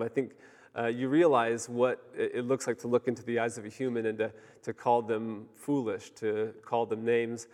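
A man in his thirties preaching a sermon as pastor, in a conversational storytelling manner that grows lively when he acts out a story. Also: medium pitch, big-room sound.

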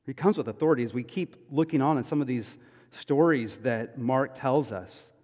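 A man preaches a sermon in a church. He moves between loud, emphatic lines and soft, hushed ones, and his voice sits at an average pitch. A long hall reverb trails each phrase. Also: moderate pace. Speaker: pastor.

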